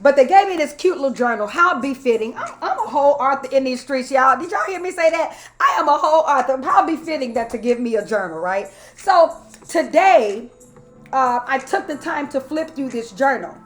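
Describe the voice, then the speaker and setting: A woman's voice: sits high, sing-song, moderate pace, soft background music. A middle-aged woman pastor talking straight to her viewers in a folksy way, often saying y'all, and building into a rhythmic preaching cadence. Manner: folksy, talks straight to listeners with repeated y'all. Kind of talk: sermon-style live talk to viewers.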